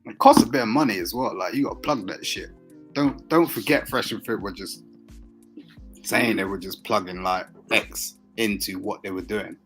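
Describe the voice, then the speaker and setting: Laughing man, low voice. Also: normal speed, soft background music, rough recording. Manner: laughs often, loose and animated. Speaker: guest caller. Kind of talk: casual chat.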